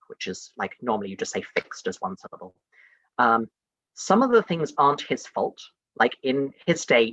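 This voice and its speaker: A young adult man from the UK giving a casual science talk, chatty and conversational, often pausing with "um" and "like". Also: mid-range voice, expressive, sharp tone, slightly rough, dry recording, poor audio. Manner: chatty and conversational, many fillers like "um" and "like". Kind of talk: casual lecture to an audience.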